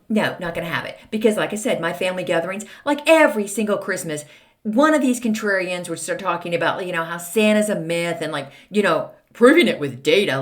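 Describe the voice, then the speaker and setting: A woman's voice: on the low side, a bit bright. A middle-aged American woman hosting her own podcast, telling snarky stories in a casual solo monologue with dramatic asides. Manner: snarky, exaggerated storytelling with dramatic voices. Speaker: podcast host.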